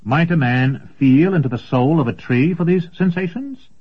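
Guy doing a young apprentice wizard, eager, kinda pleading, husky voice, muffled lo-fi audio. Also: moderate pace. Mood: earnest. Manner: hesitant, pleading, higher than the narration. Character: earnest young male apprentice sorcerer. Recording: dull lo-fi recording.

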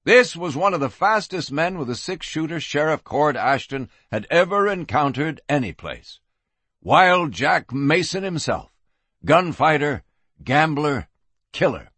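A man narrating an audiobook with expressive storytelling. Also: mid-range voice, normal speed, no room sound.

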